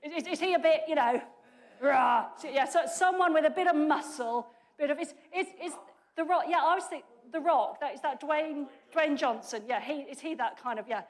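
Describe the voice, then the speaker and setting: A woman delivering a sermon with a high-pitched voice. Her talk is lively and conversational, laced with humor, and she often breaks off mid-phrase to restart and correct herself. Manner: lively, chatty and humorous, with quick self-corrections. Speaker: preacher.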